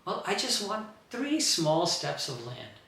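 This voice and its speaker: A meek young brahmin boy asks softly and humbly, as a man acts him out. The slightly raised voice sounds gravelly and bright, with strong echo all around. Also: high voice, very animated, takes it slowly, voice pushed up, exaggerated voice. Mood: humble. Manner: meek, gentle. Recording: very echoey room.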